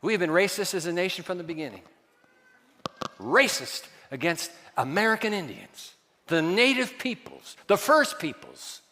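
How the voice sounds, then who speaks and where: A man preaching a sermon as pastor, quizzing his congregation and dropping to hushed asides. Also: high-pitched, very animated, normal speed, in a large hall.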